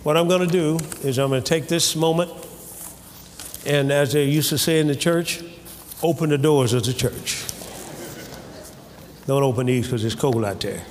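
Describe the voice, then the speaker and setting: A man preaching a sermon in a church, animated and calling on the congregation for amens. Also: a little high, moderate pace, pauses often, slight background noise. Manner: animated, calls for amen from the congregation. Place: church sanctuary. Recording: hall reverb with faint ambience.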